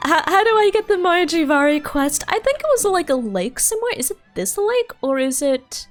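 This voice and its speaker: A young woman streaming a game, chatting casually in an excitable, chatty way and laughing often. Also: very high voice, brisk, faint music behind. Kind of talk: casual gaming stream chat.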